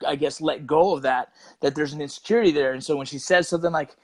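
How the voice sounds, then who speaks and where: A man's voice: fairly high pitch, fast, dry recording, rough recording. Laid-back swearing guy, dry close mic. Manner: laid-back, swears, says "you know" and "right" a lot, acts out quotes. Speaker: guest. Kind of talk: casual interview chat.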